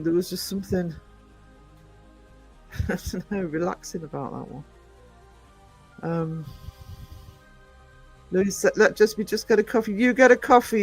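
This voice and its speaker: A man streaming live, chatting with his viewers in an affectionate, scattered way. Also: high voice. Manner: chatty, affectionate, calls viewers sweetie and darling; scattered, frequent ums and trailing off while reading chat. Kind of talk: casual live-stream chat.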